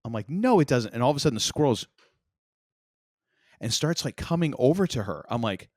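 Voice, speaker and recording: Man, older, rambling, animated, lively intonation, dry close recording. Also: medium pitch, brisk, no echo. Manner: rambling, animated storyteller with many restarts. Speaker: podcast co-host. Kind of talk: casual chat.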